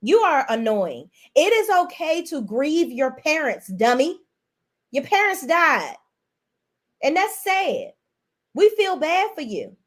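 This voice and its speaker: A young adult woman giving a blunt, profane, animated rant as host of a reality TV recap. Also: sits high, slow, long pauses. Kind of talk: casual ranting commentary.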